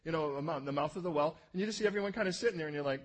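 A man preaching a relaxed, conversational sermon, his voice pitched high for a man and somewhat husky. He tells the story in a chatty way and keeps asking his listeners rhetorical questions. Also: racing.

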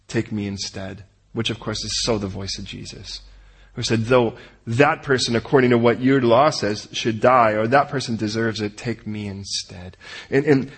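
A man preaching a sermon in an animated way, acting out the voices of the people he quotes. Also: medium pitch, husky. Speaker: pastor.

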